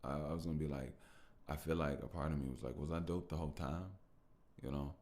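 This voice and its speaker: A man with an extremely low, gravelly voice talks alone into the mic for his podcast audience. He reflects and grows emotional, repeating phrases and thanking listeners as he goes. His delivery is loose and heartfelt. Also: fairly even intonation, quick pace, a little mellow. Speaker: podcast host. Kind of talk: reflective solo podcast talk.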